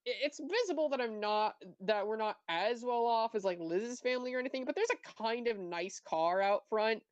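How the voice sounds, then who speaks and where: Halting higher-voiced woman playing a tabletop game. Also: smooth, no echo, highs cut off. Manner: halting, lots of "uh" and "like". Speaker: player. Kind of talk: describing her character's home in a tabletop game.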